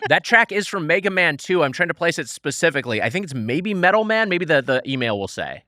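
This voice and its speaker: Man, podcast co-host, lively bright voice, dry studio, upbeat storytelling. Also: on the high side, fairly quick, no echo. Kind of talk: casual chat.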